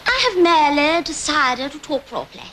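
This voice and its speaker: A woman's voice: sits high, big pitch swings, moderate pace, pushed and bright, a little hiss or hum, full character voice. A woman playing prim, posh-sounding Rita. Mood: affected. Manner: affected, genteel, overly proper.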